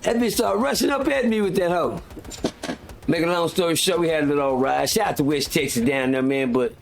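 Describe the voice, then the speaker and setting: A gravelly-voiced man spins a rowdy, profane street story on a live talk show, jumping up high when he acts out the people in it. His pitch sits a bit above the usual, and a faint hiss of noise runs under the talk. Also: a little fast. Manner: animated, acts out quotes in high loud voice, profane slang. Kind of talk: casual storytelling.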